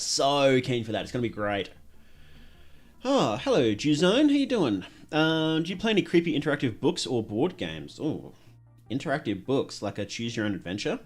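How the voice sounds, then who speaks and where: Aussie guy chatting on his stream, kinda rambly, restarts a lot, pitch bouncing around, faint music behind. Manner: rambling, with many fillers and restarts. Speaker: livestreamer. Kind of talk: casual livestream chat.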